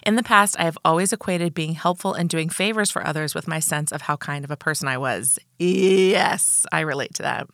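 Gravelly low-voiced woman podcast co-host. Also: fairly quick, few pauses, fairly bright tone, dry recording, clean studio sound. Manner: conversational, reads aloud with asides. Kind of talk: casual chat and reading a listener email.

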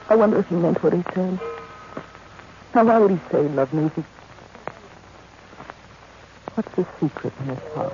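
An actress playing a nervous, tender young governess in a 1940s radio drama, talking in a breathy, anxious way. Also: female voice, fairly low pitch, close to an everyday voice. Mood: uneasy. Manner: breathy, anxious inner monologue. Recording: noisy, muffled 1940s radio recording.

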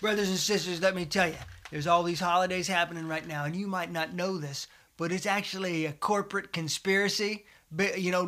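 Comic host, male, middle-aged, high bright folksy preacher voice, deadpan. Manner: folksy preacher cadence, fillers and restarts. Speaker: comedic host of a satirical show. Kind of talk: deadpan satirical preacher monologue.

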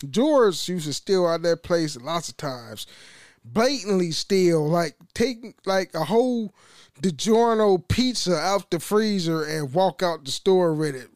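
A man's voice: high-pitched, darkish tone, dry recording. Profane rambling young man, dry sound. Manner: rambling, profane, laughs often, restarts. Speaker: podcast host. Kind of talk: casual solo podcast rant.

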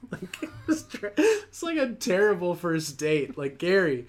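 A man's voice: on the high side, very animated, slow. Rambling young man telling a story. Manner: rambling, self-deprecating, laughs often. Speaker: podcast co-host. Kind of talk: casual chat, storytelling.

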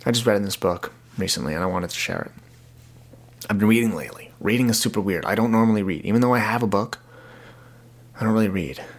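A man's voice: on the low side, fast. A young man hosting his own podcast in a casual, rambling, earnest way, often repeating words as he talks. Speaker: podcast host. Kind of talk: casual solo podcast talk.

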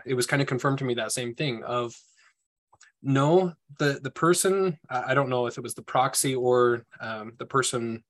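A man of ordinary pitch who speaks in a thoughtful, reflective way and carefully hedges what he says. He shares his view in a relaxed group discussion. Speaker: temple worker.

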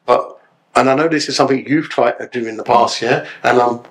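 A man talking as a podcast guest, chatty and animated, tagging his lines with "yeah?". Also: mid-range voice, a little fast. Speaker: podcast guest, solicitor and actor. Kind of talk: casual podcast chat.

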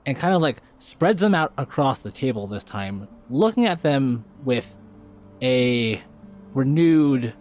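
A man's voice: mid-range voice, animated, takes it slowly, a little mellow, soft background music. A man playing a tabletop game, chatting loosely and filling his talk with "like". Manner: rambling, lots of "like". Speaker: player. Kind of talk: casual chat in a tabletop game.

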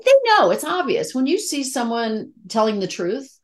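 A woman's voice: on the high side, sing-song, moderate pace. A middle-aged woman, an actress, talking candidly and emotionally in a casual interview, with many fillers and restarts. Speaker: actress guest.

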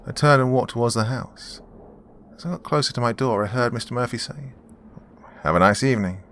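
Deep-voiced man narrating horror. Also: a bit bright. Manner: measured, grim storytelling. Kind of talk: scripted horror story narration.

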